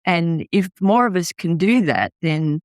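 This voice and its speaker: Animated and measured in pace, with a lowish voice in a dry recording, this middle-aged Australian charity founder recounts her experiences candidly in an interview. She's earnest and blunt and often begins sentences again.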